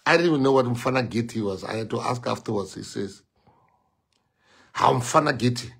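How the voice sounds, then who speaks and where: A South African man delivers a rally-style speech to party members. He tells the story emphatically, repeating words and acting out the dialogue. His voice sits at an ordinary pitch with a husky, grainy tone. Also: quick pace, fairly bright tone. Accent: South African English. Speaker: party leader addressing members.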